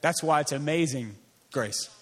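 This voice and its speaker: A man, a pastor, preaching a sermon in an emphatic, repetitive cadence, dropping to a soft, slow voice on key lines. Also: on the high side, heavy background noise.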